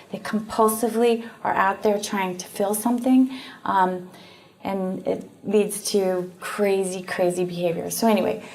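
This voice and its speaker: A woman with a Canadian accent and a medium-pitched, darkish voice earnestly explains and tells a story, speaking casually with frequent pauses and fillers. She is a guest speaker on post-abortion trauma.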